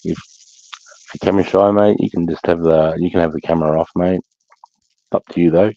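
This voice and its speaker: A man's voice: low-pitched, fairly even intonation, a little fast, mellow, dry recording. An Australian man hosting a casual livestream chat, rambling, swearing constantly and laughing often, in slightly dull lo-fi audio. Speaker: livestream host.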